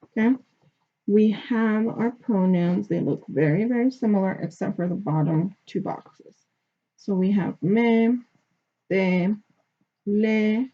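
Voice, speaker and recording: A woman teaching a grammar lesson, explaining patiently step by step and checking in with her listeners. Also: mid-range voice. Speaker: Spanish teacher. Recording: dull lo-fi recording.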